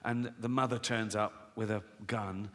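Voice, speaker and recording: A man's voice: fairly low pitch, steady tone, measured pace. A man performing live stand-up comedy, swearing freely and often laughing at his own jokes. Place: large live venue with audience. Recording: loud audience in echoing venue.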